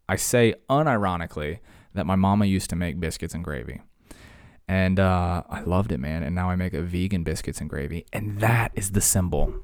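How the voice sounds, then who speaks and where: A man from Virginia who teaches high school English, talking casually and rambling with lots of filler words and sudden animated bursts. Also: clear, resonant tone, no room sound, clean studio sound. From Virginia, USA. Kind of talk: casual conversation.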